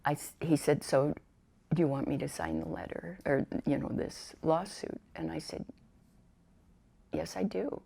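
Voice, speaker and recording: Older woman veteran, deep gravelly mellow voice, reflective oral-history storyteller. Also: a little slow. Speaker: veteran telling her story.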